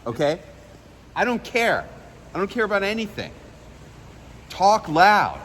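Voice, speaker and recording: A man coaching outdoors by a waterfall, giving emphatic, direct instructions and slowly demonstrating lines. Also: high-pitched, big pitch swings, fairly bright tone, slight background noise, poor audio. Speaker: media coach. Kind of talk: hands-on coaching session.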